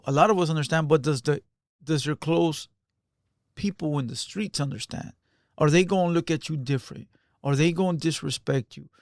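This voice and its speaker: A man's voice: fairly high pitch, no echo, studio quality. A man giving casual reaction commentary in loose, emphatic street slang, peppered with "bro".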